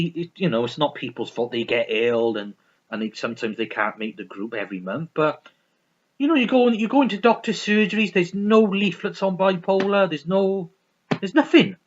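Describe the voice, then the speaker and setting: A man's voice: high-pitched, dull audio. A man vlogging in a heated, swearing rant full of restarts. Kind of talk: ranting vlog monologue.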